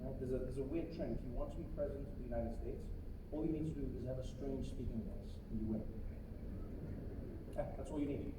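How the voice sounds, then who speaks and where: A man performing a stand-up comedy set to a live crowd, animated and slipping into quick voice impressions. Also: mid-range voice. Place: large live comedy venue. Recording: echoey arena, far from mic, audience noise.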